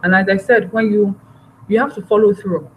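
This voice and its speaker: A woman's voice: mid-range voice, steady tone, normal speed. A woman giving a parenting workshop, talking earnestly and repeating her phrases. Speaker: parenting trainer. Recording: dull, slightly noisy recording.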